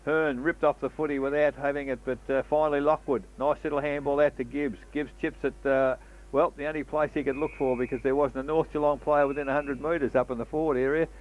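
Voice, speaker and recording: Calling a local football match on radio, this Australian man speaks in a slightly high voice with a flat, brisk delivery. He keeps it casual and conversational, dropping "uh" into the gaps between plays. The broadcast audio sounds dull and lo-fi.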